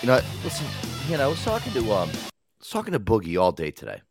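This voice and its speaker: A man's voice: mid-range voice, wildly swooping pitch, quick pace, over music. A man hosting a podcast, chatting casually in a rambling way, swearing and repeating himself. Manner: rambling, profane, repeats words. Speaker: podcast host. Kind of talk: casual chat.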